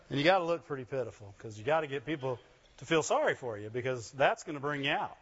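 A man's voice: medium pitch, expressive, fast talker, husky, lo-fi sound. A man preaching a sermon, punctuating his points with call-and-response questions to the congregation. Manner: call-and-response preaching, frequent "Amen?" and "Right?". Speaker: pastor.

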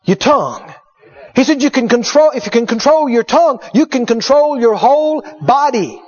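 A man's voice: very high voice, expressive, normal speed, a little mellow. A middle-aged male preacher telling a story in a sermon, repeating words for emphasis. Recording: dull lo-fi recording.

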